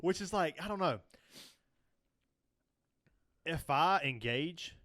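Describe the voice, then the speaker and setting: A man's voice: fairly high pitch, lively intonation, slow pace, pushed and bright, no echo, studio quality. A man co-hosting a podcast in casual chat, rambling earnestly with lots of fillers. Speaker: podcast co-host.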